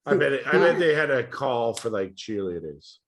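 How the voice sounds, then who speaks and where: A man's voice: mid-range voice, sing-song, moderate pace. A man co-hosting a podcast, chatting casually with a wry, joking manner. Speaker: podcast co-host. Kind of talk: casual chat.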